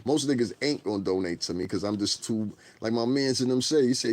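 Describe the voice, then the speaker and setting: Blunt, profane low-voiced man on a livestream. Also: quick pace, few pauses, a little mellow. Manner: blunt, profane, streetwise, repeats "you know what I'm saying". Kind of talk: casual livestream rant.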